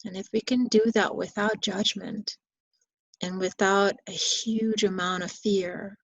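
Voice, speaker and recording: Slow, soothing woman guiding bedtime calm. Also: medium pitch, no echo, lo-fi sound. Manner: slow, soothing, repetitive phrasing. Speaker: meditation teacher. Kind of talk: guided bedtime reflection.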